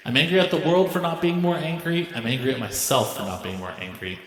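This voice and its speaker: A man voicing a mean, angry machine in a comedic letter reading, with a sulky, grumbling monotone. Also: mid-range voice, quick pace, reverberant, in a large hall, slight background noise, natural voice.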